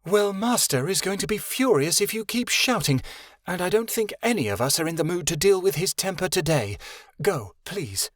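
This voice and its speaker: A man voicing a gentle, protective female shapeshifter who looks after the children, speaking softly and motherly. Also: high-pitched, lively intonation, normal speed, no echo, studio quality, voice pushed up. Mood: firm. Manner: soft, motherly.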